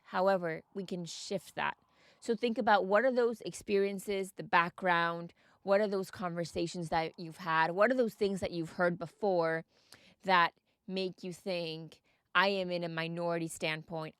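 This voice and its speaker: An earnest woman hosting a podcast, her voice smooth and fairly low for a woman. She speaks directly to her listeners and keeps asking them questions in an encouraging way. The sound is close and dry. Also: fairly bright tone, no echo. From United States. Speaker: podcast host and mindset coach. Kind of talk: reflective podcast monologue.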